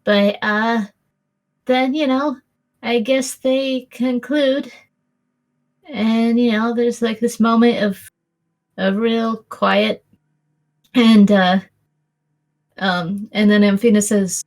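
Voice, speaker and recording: A woman's voice: on the high side, fairly even intonation, slow pace, long pauses, a little mellow. A young woman narrating a tabletop game as game master, rambling with fillers and restarts.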